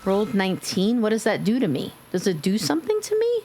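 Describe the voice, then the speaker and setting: A woman streaming a game live, talking loudly and playfully to her chat, teasing and swearing. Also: medium pitch, wildly swooping pitch, quick pace, few pauses, slight background noise.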